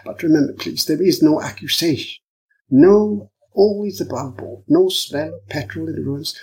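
A man's voice: fairly high pitch, normal speed, darkish tone, voice pushed up, natural voice, poor audio. A man doing a fussy, insistent insurance man. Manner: insistent, prim, protesting innocence. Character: cautious fussy English insurance man, middle-aged.

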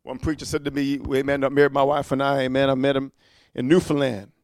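A preacher giving a fiery sermon, firing off rebukes and rhetorical questions with repeated "amen" and "huh", moving between quiet storytelling and loud warnings. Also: male voice, medium pitch, little pitch movement, quick pace, smooth, no room sound.

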